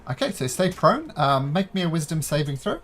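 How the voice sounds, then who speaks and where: A man running a tabletop game as game master, calmly explaining rules and narrating the scene. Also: on the high side, brisk. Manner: calm, explains rules patiently.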